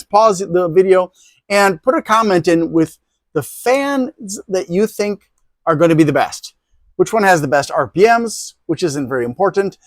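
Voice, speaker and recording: Guy reviewing pc fans, kinda high voice, rambly with lots of ums, dead dry close mic. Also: dry recording. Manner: rambling, many ums and restarts. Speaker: tech video host. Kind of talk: casual product review.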